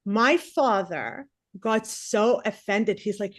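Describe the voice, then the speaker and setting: A woman performs stand-up comedy on a stage in front of a live crowd. Her voice sits at a middle pitch, and she talks in a chatty, self-mocking way with animated asides. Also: moderate pace, dry recording, studio quality. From Palestinian family.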